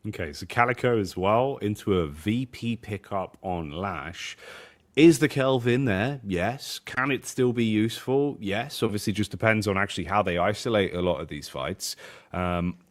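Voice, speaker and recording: A man's voice: on the low side, normal speed. A man co-casting an esports match in a casual, chatty way, posing and answering his own questions. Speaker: esports caster. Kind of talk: esports draft analysis commentary.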